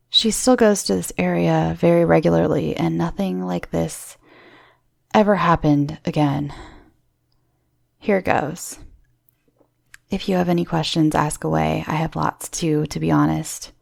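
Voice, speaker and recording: A woman's voice: low voice, vocal fry, darkish tone, no room sound, studio quality. A woman host reading listeners' true horror stories aloud, with wry, swearing asides. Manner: wry, swearing asides between story lines. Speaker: horror story narrator.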